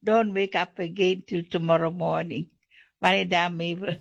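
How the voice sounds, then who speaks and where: A woman leaving a relaxed voice note for a radio show. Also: on the low side, moderate pace, creaky. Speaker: listener sending a voice note. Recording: dull lo-fi voice note.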